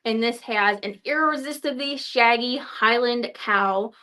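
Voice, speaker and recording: A woman's voice: fairly high pitch, measured pace, pushed and bright. A young woman hosting a casual live show of new quilting products, chatty and laughing at her own verbal slips. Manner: chatty, giggly, trips over words and laughs at herself.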